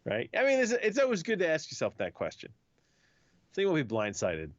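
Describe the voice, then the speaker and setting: A man's voice: on the high side, huge pitch swings, fairly quick, dry recording. A man co-hosting a podcast, teasing his friend and telling a story in casual chat. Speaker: podcast co-host. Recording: dry, dull lo-fi sound.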